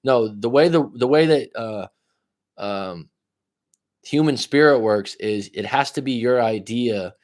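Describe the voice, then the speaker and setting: A man's voice: medium pitch, a little slow, darkish tone. A man giving live coaching advice in a blunt, profane way, pushing the listener with repeated questions. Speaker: life coach.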